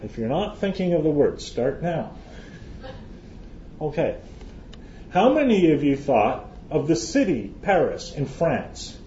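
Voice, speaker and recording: A man's voice: a little high, very animated, slow, pauses often, dark tone, a little hiss or hum. A man from Canada, giving a joking, chatty lecture to a live audience and often restarting his phrases. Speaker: conference speaker. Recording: roomy, dull hall recording.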